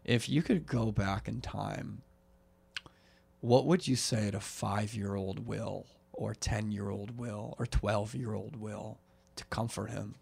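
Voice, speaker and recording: Gravelly low-voiced male podcast host. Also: steady tone, slow pace, a little mellow. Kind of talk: casual faith conversation.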